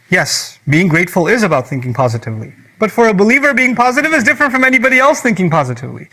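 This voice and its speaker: A middle-aged man delivers a spirited sermon in a fairly high voice. He slips into quoted voices and jokes with his listeners, then explains Arabic words as he goes. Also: fast talker. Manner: animated, acts out quoted voices and jokes with the audience; uses Arabic terms in his talk. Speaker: Islamic speaker. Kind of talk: sermon-style lecture.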